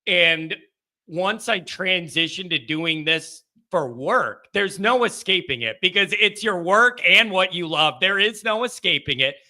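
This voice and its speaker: A man hosting a casual call-in sports show, excitable, bantering with callers and reading chat messages aloud. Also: sits high, unhurried.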